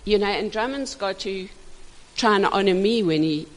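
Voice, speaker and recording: An older woman, a minister teaching couples, talking in an expressive, passionate way and laughing often. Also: mid-range voice, normal speed. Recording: reverberant hall.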